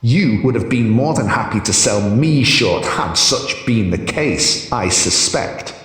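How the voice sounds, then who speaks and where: A sneering, drawling old high priestess, as a male narrator puts her on, swinging her voice up and down with scornful relish. Her scheming comes through in every mocking line of this storybook. The voice rings in a very echoey space with a long reverb tail. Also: expressive, a little slow, fairly bright tone. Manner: drawling, sneering, cackles madly.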